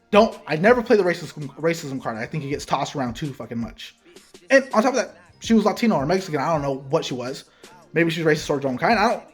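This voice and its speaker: Husky-voiced man telling a heated story. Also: fairly high pitch. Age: adult parent. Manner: animated, heated retelling with quoted dialogue. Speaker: sneaker vlogger. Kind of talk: casual storytelling to camera.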